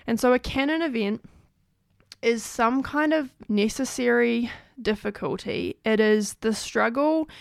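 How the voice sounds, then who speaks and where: A woman's voice: fairly high pitch, vocal fry, no room sound, clean studio sound. A woman host telling a personal story in an earnest, chatty way, often saying "like".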